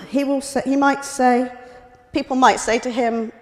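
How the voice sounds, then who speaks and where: In a reverberant hospital lecture room, a middle-aged British woman shares a prepared, matter-of-fact talk about her life as a carer. Her voice is on the high side, and her pace is a little slow.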